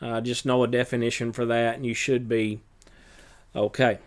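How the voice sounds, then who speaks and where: A male teacher reviews material ahead of an exam in a smooth, clear voice at an ordinary middle pitch. He speaks plainly and matter-of-factly, stopping often on fillers as he works through his list. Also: level tone. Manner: halting, many filler pauses; plain, matter-of-fact instruction. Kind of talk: test review lecture.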